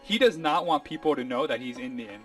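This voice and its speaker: A man hosting a podcast in casual chat, talking in an animated, mocking way. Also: mid-range voice, a little fast, distant mic, faint music behind. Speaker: podcast host.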